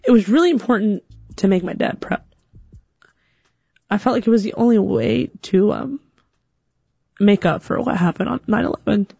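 A young woman tells a personal story as stand-up, animated and lively as she acts out the other people in it. The sound is dry and a little muffled. Faint music sits behind her. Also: mid-range voice, moderate pace, vocal fry, long pauses, breathy edge, dry recording. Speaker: comedian.

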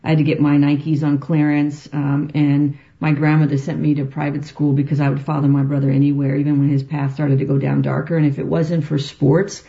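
Woman guest on the radio, gravelly and mellow, lots of ums, kinda muffled. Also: low-pitched, level tone, fairly quick, few pauses. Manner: earnest, many ums and you-knows. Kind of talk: radio interview.

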